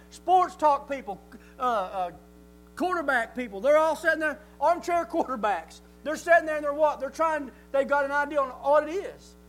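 A man's voice: very high-pitched, expressive, moderate pace, fairly bright tone. A man preaching a sermon in a folksy way, asking rhetorical questions and chuckling often.

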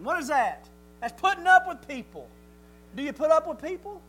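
A man's voice: very high-pitched, animated, normal speed, pushed and bright. A man preaching a sermon in a folksy way, asking rhetorical questions and chuckling often.

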